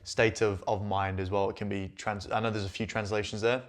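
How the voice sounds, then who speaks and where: A man teaching Spanish, walking slowly through on-screen sentences and repeating each phrase before translating it. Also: on the low side, level tone. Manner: patient, repeats phrases, thinks aloud.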